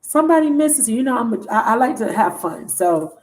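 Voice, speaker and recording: Tarot reader, woman, slightly high voice; goofy, chatty, exclamatory. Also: big pitch swings, a little fast, a little mellow. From Broward County, Florida. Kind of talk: live tarot reading with viewer shout-outs.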